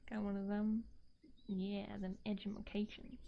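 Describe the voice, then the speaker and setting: Soft-spoken woman chatting in ASMR. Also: medium pitch, little pitch movement, normal speed, lo-fi sound, a little hiss or hum. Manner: playful, giggly, reads chat aloud; drifts into whispers. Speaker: streamer. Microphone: binaural mic.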